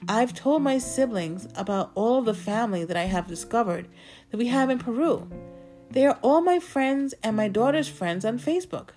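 A woman narrating a personal story in a gentle, earnest, reflective way. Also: on the high side, expressive, moderate pace, faint music behind.

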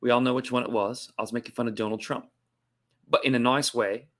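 A man's voice: medium pitch, little pitch movement, brisk, natural voice. A man putting on a playful mock Australian accent for a comedy show, mixing a British sound with a Southern drawl. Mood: joking.

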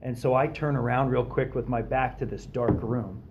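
A man's voice: mid-range voice, moderate pace, dull audio, noisy background. A man co-hosting a podcast, telling a story in casual chat and acting out the voices of the people in it. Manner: animated, acts out quoted voices, frequent fillers.

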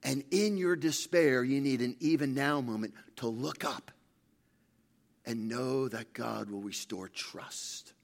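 A man preaching a sermon as pastor, swinging between shouted peaks and hushed, intimate passages. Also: mid-range voice, takes it slowly, vocal fry.

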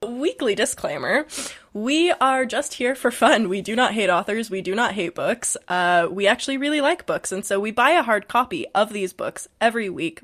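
A woman's voice: medium pitch, a bit bright. A young woman co-hosting a casual podcast, sarcastic and giggly, swearing freely and still slightly sick. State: slightly sick from strep throat. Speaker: podcast co-host.

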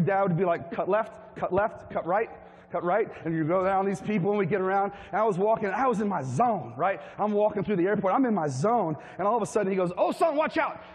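A man from Tennessee preaching a humorous storytelling sermon, chatty and animated, asking his congregation questions. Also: sits high, long reverb tail. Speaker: pastor. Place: church hall with a congregation.

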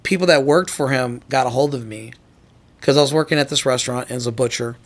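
A man's voice: medium pitch, quick pace. A man chatting casually as a podcast co-host, telling long rambling stories and swearing freely. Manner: rambling storyteller, acts out quoted lines. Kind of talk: casual chat.

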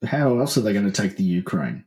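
A man co-hosting a comedic podcast, bantering and slipping into quick silly character voices. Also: on the low side, very animated, darkish tone, reverberant. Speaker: podcast co-host. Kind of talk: comedic casual chat.

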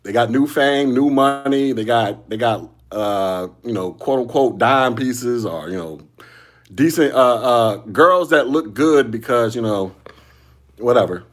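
A man's voice: medium pitch, measured pace. A man hosting a solo podcast, giving casual commentary in loose slangy talk, repeating himself and chuckling often. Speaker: podcast host.

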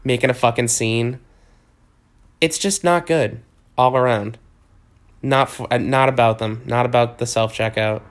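A man's voice: medium pitch, a little slow, long pauses. A man hosting a comedy podcast, delivering a profane, exasperated rant monologue. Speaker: podcast host.

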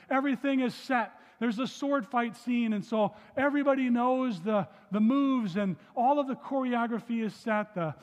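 A man preaching a sermon in a church, reading scripture in a lowered, softer voice and then speaking earnestly to the congregation. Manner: earnest preaching, dropping low and soft for scripture. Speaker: pastor. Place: church sanctuary. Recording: long hall reverb.

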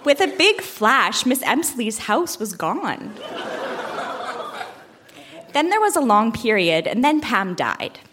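A woman's voice: fairly high pitch, very animated, slow pace, pauses often, crowd noise, background noise. A woman reading her own childhood story aloud on a theater stage, mock-earnest and laughing as she goes.

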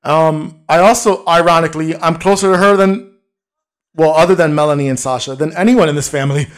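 A man's voice: a little high, brisk. Man, playful podcast host. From Brooklyn, New York. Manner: playful, teasing, loud and animated. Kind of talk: casual podcast chat.

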